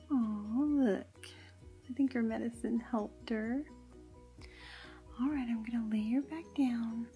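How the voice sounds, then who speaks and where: A woman hosting a toy role-play vlog, coaxing and mothering a baby doll, often dropping into a hushed whisper. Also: on the high side, takes it slowly, long pauses, faint music behind. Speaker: toy channel host.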